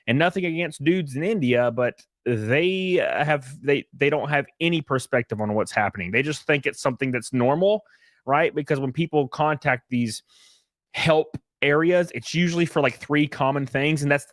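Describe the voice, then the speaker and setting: A man's voice: fairly high pitch, moderate pace, a bit bright, no room sound, studio quality. Aggrieved Southern man telling his story. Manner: aggrieved storytelling, recounting complaints. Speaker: content creator. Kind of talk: explanatory online video.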